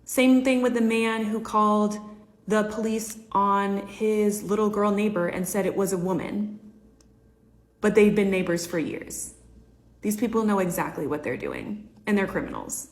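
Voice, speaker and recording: A woman's voice: mid-range voice, unhurried. A woman giving an indignant, emphatic reaction commentary. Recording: roomy echo.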